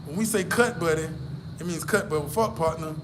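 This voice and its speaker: An American vlogger with a slightly high voice rants briskly over a noisy background. He tells a casual story full of blunt, profane advice and drives his points home by repeating them.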